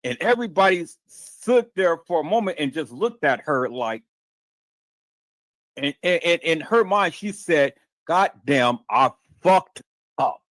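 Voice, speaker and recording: A man's voice: on the high side, animated, unhurried, a bit bright, dry recording. A man hosting a livestream, talking heatedly with lots of stammered restarts and cursing. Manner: repetitive, stammering restarts, emphatic and profane. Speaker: livestream host.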